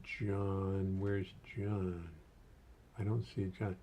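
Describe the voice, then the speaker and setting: A low, heavily gravelly older man talks loosely on a home-studio livestream, half to himself and half to the viewers he greets by name. His voice is husky and worn. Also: unhurried, a little mellow. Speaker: musician hosting a livestream. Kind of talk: casual livestream chat.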